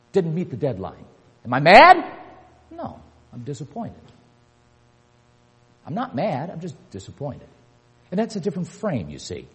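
An older man's sermon rings through a hall with long reverb, his medium-pitched voice carrying a breathy edge. He hammers on key words and builds repeatedly to forceful peaks.

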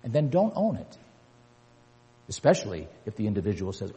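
An older man preaching a sermon with emphasis, repeating key words and building to forceful peaks. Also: fairly low pitch, wildly swooping pitch, fairly quick, breathy edge. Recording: long hall reverb.

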